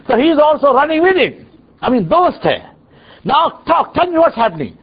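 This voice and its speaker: A man, preaching as a teacher who tells the story in an animated, dramatic way, on a dull lo-fi recording. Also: very high voice, normal speed. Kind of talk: storytelling sermon.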